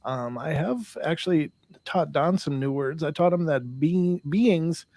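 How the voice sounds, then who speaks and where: A man's voice: on the high side, unhurried, darkish tone, no echo. A man co-hosting a paranormal podcast, bantering and teasing his partner and laughing often. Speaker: podcast co-host. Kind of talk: casual banter.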